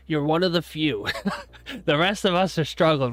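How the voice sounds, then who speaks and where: Male streamer, casual and self-deprecating, slightly higher voice, faint music bed. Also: normal speed, a bit bright. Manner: chatty, self-deprecating, reads out chat comments. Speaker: live-streaming futures day trader. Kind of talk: casual live-stream chat with viewers.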